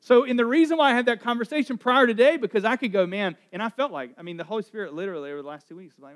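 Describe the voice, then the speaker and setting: High-voiced man preaching a sermon. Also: rapid-fire, few pauses. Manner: conversational storytelling, swings from quiet asides to loud emphatic preaching. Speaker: pastor.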